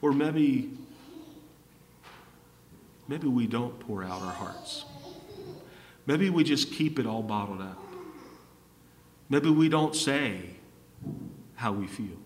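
Male preacher, slow and drawn out, animated pitch, long hall reverb. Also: slight background noise. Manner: repetitive, rising to emphatic peaks and dropping low. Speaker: pastor. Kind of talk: sermon. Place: church hall. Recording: echoey hall from far off.

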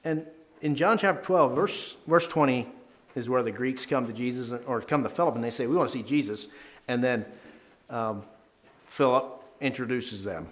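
A man with an ordinary, mid-range voice leads a Bible devotional. He reads the verses aloud and talks through them earnestly. He swells in pitch and volume whenever he wants a line to land. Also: normal speed. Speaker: Bible teacher leading a devotional. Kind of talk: devotional Bible talk, reading scripture aloud.

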